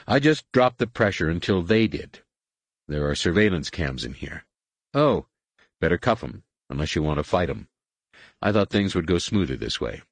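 A man voicing a wry, sarcastic older ship captain talking to his son, in a deep voice. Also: very animated, normal speed, no echo, exaggerated voice. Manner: dry, sarcastic.

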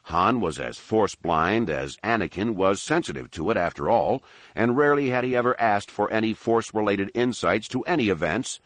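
A man narrating an audiobook in a lively, expressive storytelling manner. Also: low voice, dry recording.

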